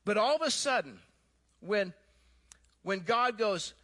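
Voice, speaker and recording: A man preaching a sermon, telling a story with animated emphasis that drops to hushed, low tones. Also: slow pace. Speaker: pastor.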